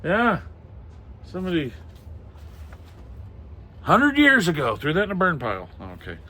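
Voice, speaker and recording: A man's voice: sits high, wildly swooping pitch, a little slow, bright, forceful tone. A middle-aged man chatting casually as he shows off old pulp magazines, reading titles aloud with wry muttered asides. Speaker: comic and pulp collector. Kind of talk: casual show-and-tell chat.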